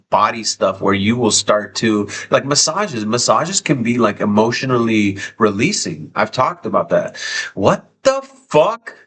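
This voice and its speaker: A man's voice: fairly low pitch, fairly bright tone, a little hiss or hum. Tearful male streamer, emotional and repetitive. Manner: emotional, swearing, repeats himself. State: tearful, sniffling. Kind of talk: casual live stream chat.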